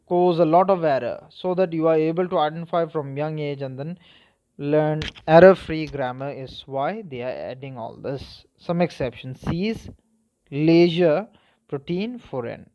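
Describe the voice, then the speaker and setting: A man with a fairly high voice teaches spelling rules to a class. He spells words out letter by letter and keeps checking whether the class understands. The recording sounds dull and lo-fi. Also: a little mellow. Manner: spells words letter by letter, asks "okay?" and "clear?". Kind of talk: spelling lesson.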